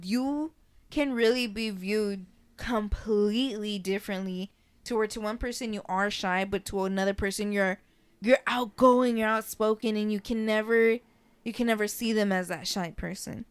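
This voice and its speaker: Chatty, smooth-voiced young woman podcaster. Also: mid-range voice, normal speed, no echo. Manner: chatty, profane, animated storytelling. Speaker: podcast co-host. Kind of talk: casual podcast chat.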